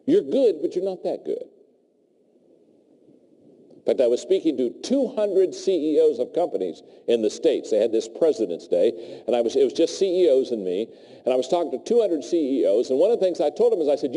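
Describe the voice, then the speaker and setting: Brief: male keynote speaker, animated anecdotal delivery, warm dark voice, echoing lecture hall. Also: medium pitch, brisk. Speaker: leadership speaker. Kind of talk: storytelling keynote talk. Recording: long hall reverb.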